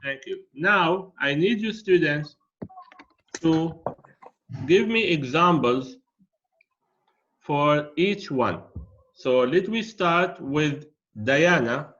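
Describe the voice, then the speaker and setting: A man teaching a class, patiently explaining in slow, deliberate steps. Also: fairly high pitch, animated, a bit bright. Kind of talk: classroom language lesson. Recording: dull lo-fi audio.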